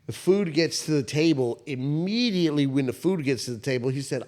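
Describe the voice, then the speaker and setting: A man's voice: on the high side, brisk. A man co-hosting a podcast, telling a funny story in loose, profane casual chat and laughing as he goes. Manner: animated, profane storyteller who laughs at his own anecdote. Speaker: podcast co-host.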